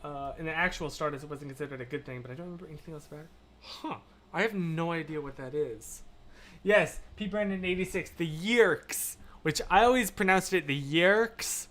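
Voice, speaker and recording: A man hosting a livestream, chatting casually and reading viewer comments, rambling and animated, swinging between loud and hushed. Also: fairly high pitch, a little fast. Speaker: livestream host.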